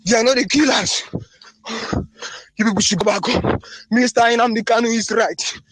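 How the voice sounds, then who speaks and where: Very high-voiced, husky man pleading. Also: a bit bright, dry recording. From northern Nigeria. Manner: fervent, pleading, hammering repetition. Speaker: voice-note caller. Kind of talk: impassioned voice-note appeal. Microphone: phone voice recording.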